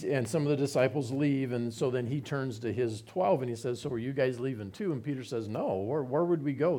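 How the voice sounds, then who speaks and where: A man's voice: mid-range voice, mellow. Man teaching the Bible conversationally. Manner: informal, explains scripture verse by verse with asides.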